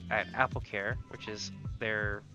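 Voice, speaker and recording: A man's voice: lowish voice, fairly even intonation, unhurried, lo-fi sound, over music. A man streaming a game live, chatting casually and telling rambling stories with jokey asides. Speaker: gaming streamer. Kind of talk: casual livestream chat while gaming.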